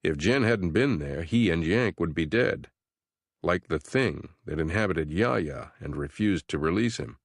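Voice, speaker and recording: Deep-voiced man narrating horror. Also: animated, unhurried, no room sound, studio quality. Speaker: audiobook narrator.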